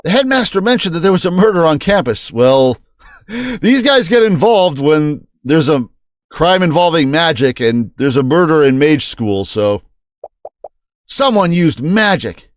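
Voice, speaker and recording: A man's voice: on the high side, big pitch swings, unhurried, no room sound, clean studio sound. A man streaming a game playthrough, joking and reading the game's text aloud.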